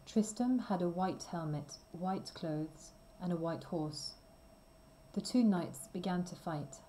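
Woman reading a storybook slowly. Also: on the low side, mellow, a little hiss or hum, poor audio. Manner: careful, deliberate reading. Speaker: reader. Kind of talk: slow, clear storybook reading for learners.

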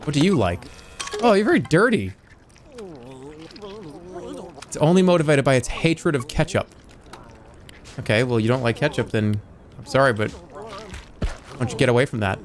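A man streaming a video game with goofy, excitable running commentary and sudden yelps. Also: medium pitch, moderate pace, pauses often. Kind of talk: live gameplay commentary.

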